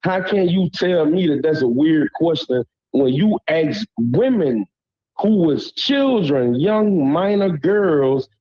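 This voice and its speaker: This caller from Louisiana, Southern-accented, has a fairly high, animated voice and takes his time, the audio coming through lo-fi. He phones in to a panel for a heated rant full of blunt slang, often asking "you hear me."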